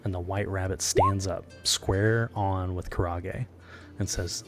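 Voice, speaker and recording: A man narrating a tabletop game as game master, in measured, descriptive storytelling. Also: low voice, steady tone, a bit bright. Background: background music.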